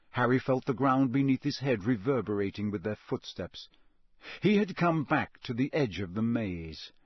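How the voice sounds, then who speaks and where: A man with a mid-range voice narrates an audiobook, telling the story in a measured, steady manner. The recording is studio quality with no room sound.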